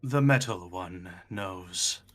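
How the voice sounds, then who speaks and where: A solemn male cult leader murmurs in a low, hushed voice, as a game master puts him on. He speaks slowly and ominously, with a bright edge to his tone. The menace stays quiet and measured throughout. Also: full character voice.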